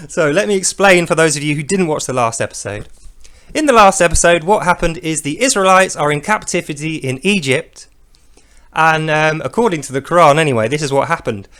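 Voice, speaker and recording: Sarcastic man with a higher voice. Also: lively intonation, normal speed. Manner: sarcastic, mocking, acts out quotes in loud comic voices. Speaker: video commentator. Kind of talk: casual commentary to camera.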